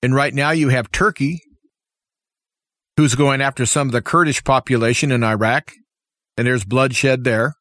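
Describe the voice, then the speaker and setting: A man's voice: mid-range voice, fairly even intonation, moderate pace, pauses often, a bit bright, dry recording, studio quality. Impassioned man ranting politics. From United States. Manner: impassioned, opinionated, full of rhetorical questions. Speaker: talk show host. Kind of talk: political commentary monologue.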